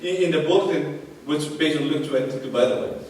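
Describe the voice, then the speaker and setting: High-pitched pastor guy preaching slow and lively, acting out bits, big echoey church sound from far away. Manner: animated, acts out quotes, chuckles often. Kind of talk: sermon.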